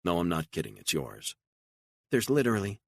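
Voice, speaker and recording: A frightened, emotional woman on the run, as a deep-voiced man narrator puts her on in an audiobook. She pleads and protests in disbelief, lifting her pitch high above his gravelly baseline. The sound is close and dry. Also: wildly swooping pitch, moderate pace, no echo, heavily acted. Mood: incredulous. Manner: pleading, incredulous, raising voice.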